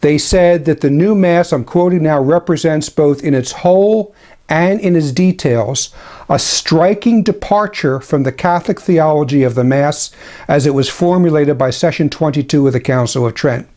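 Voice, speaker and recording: A man with a slightly raised pitch delivering a measured, critical commentary. He speaks deliberately, slowing down to read quotations with care. Now and then he drops a dry, ironic aside. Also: darkish tone. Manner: deliberate, slows for quoted passages. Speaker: traditionalist Catholic commentator. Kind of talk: spoken commentary lecture.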